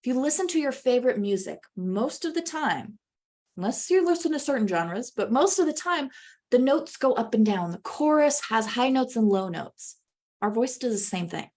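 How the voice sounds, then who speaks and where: A woman presenting a webinar on public speaking, talking in an animated way and swinging her pitch widely for emphasis. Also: normal speed.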